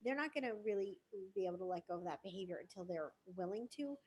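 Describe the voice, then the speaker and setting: A woman's voice: mid-range voice, lively intonation, fast talker, darkish tone, a little hiss or hum. A woman who works as a psychic, giving relationship advice in a casual, reassuring livestream talk full of fillers. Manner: chatty and reassuring, with many fillers.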